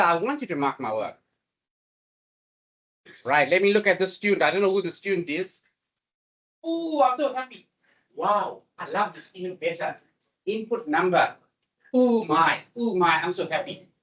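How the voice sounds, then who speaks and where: A man giving a classroom programming lecture, animated and repetitive as he coaxes his students along. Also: sits high, moderate pace, long pauses, lo-fi sound. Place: lecture room. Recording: voice distant from the mic.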